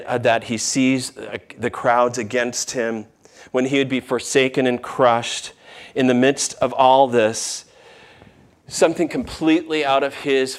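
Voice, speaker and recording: A man pastor preaching a sermon, shifting between raised emphasis and tender, hushed near-whispers in a church. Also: medium pitch.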